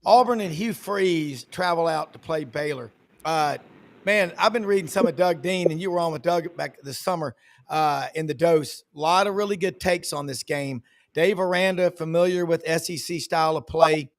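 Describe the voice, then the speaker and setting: A man hosting a sports panel, briskly steering the talk from guest to guest. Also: on the high side. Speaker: show host.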